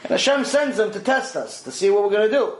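A Torah teacher delivers a religious lesson as an animated storytelling lecture, talking fast in a fairly high voice that rises and falls a lot. He plays out exchanges between characters in quoted voices, and the room gives his sound a roomy echo.

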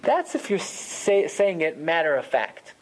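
A man's voice: on the high side, unhurried, poor audio. Guy teaching talmud class, chatty, voice jumps all over the place. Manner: animated, conversational explaining with Hebrew and Yiddish terms. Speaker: Torah teacher.

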